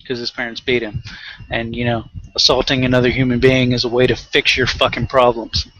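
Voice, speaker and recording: A man's voice: mid-range voice, bright, forceful tone, no room sound, low-quality recording. A man ranting angrily and sarcastically on a live online talk show, swearing heavily and mocking the people he argues against. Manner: heated, sarcastic, heavy swearing, mocking mimicry. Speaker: co-host of a weekly online rant show. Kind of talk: angry profane rant on a live stream.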